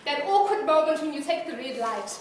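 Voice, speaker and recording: Lively woman preacher, high voice, quizzing the congregation, recorded from far off in an echoey church hall. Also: a little fast. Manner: playful, asks the congregation questions, laughs often. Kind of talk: interactive sermon. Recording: echoey hall, distant mic, background hiss.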